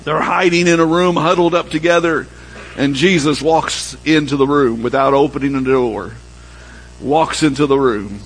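A man preaching a sermon, telling a story and dropping low and soft when he quotes the people in it. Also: normal speed, poor audio. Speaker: pastor.

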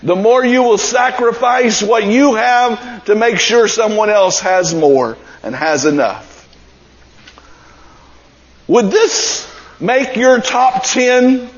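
A man's voice: very high-pitched, lively intonation, slow pace, slightly rough, highs cut off. A man preaching a sermon as pastor, earnest and building to emphatic passages.

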